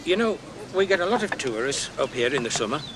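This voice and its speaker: An actor playing a chatty, blundering pub landlord in a TV drama. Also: male voice, fairly high pitch, big pitch swings, quick pace, background noise. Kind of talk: TV drama acting. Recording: busy crowd behind.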